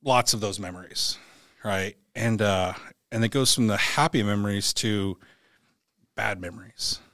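Guy on a podcast telling a crazy story, swears a lot, bright voice, dry close sound. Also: on the low side, a little slow, dry recording. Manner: profane, vivid, acts out voices. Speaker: podcast guest. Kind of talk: animated storytelling.

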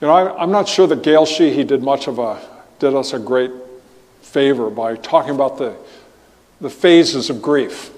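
A man preaching as a pastor, earnest and halting, often restarting his phrases. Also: mid-range voice, a little mellow, big-room sound. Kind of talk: sermon.

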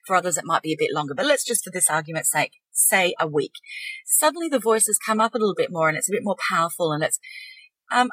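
A woman's voice: lowish voice, lively intonation, fast talker, a bit bright, dry recording, poor audio. A woman co-hosting a casual spiritual podcast, acting out affirmations in shifting tones. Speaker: podcast co-host.

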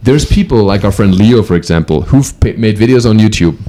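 A man's voice: on the low side, animated, brisk, mellow. A young man hosting a podcast, joking crudely and rambling with restarts in casual chat. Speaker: podcast host.

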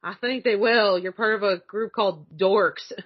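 A woman's voice: mid-range voice, measured pace, slightly rough. A woman chatting casually about a cartoon episode, giggling often, swearing freely and acting out quotes. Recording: slightly dull lo-fi sound.

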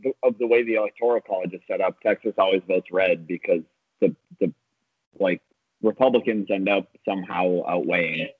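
A man who works at a coffee shop chatting casually, animated and quick to laugh. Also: deep voice, dry recording, phone-quality sound. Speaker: Starbucks worker. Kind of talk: casual chat.

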